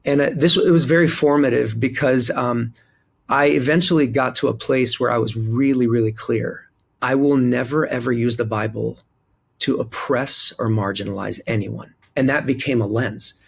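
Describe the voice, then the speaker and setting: A man from Jerusalem, a pastor and guest, telling stories from his life earnestly, with wry asides and many pauses. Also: medium pitch, fairly even intonation, creaky, husky. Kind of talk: reflective conversational storytelling.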